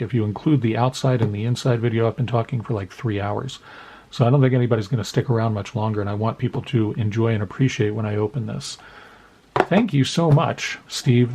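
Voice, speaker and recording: A man's voice: lowish voice, darkish tone, breathy edge. A man casually opening a mail-day package of trading cards, reading off player names one by one and making playful asides to the cards. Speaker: card collecting YouTuber.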